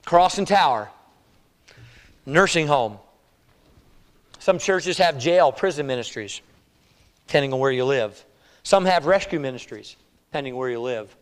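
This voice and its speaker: A man's voice: mid-range voice, expressive, a little slow, long pauses, smooth, big-room sound. A man preaching a sermon as pastor, talking in a conversational way and acting out quotes of doubting believers.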